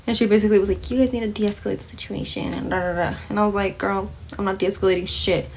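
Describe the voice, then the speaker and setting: A woman's voice: medium pitch, steady tone, fast talker, few pauses, over music. A young woman casually telling a work story while doing her makeup, blunt and full of swearing, acting out the dialogue. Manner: blunt, expletive-laden, indignant retelling with quoted dialogue.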